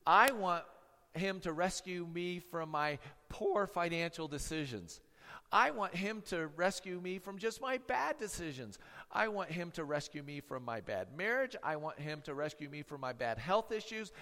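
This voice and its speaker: Male pastor, wry storyteller, a touch high-pitched, heard in an echoing church hall. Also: expressive, unhurried, sharp tone. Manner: humorous, tongue-in-cheek storytelling. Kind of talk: sermon.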